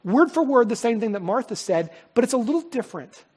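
Male pastor, high husky voice, emphatic preacher who swings from loud to hushed, long hall reverb. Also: sing-song, a little fast. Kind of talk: sermon.

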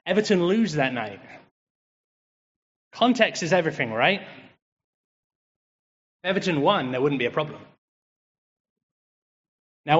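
A high-voiced English man preaching in a relaxed, joking way. His voice rings with a long reverb, as if in a church hall. The sound is a bit dull and muffled. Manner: lively, joking and chatty. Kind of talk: conversational sermon.

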